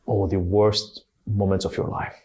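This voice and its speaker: A man's voice: fairly low pitch, little pitch movement, unhurried, a little mellow, husky. A man hosting an interview, asking questions in a hesitant way with many restarts and fillers. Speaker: interview host.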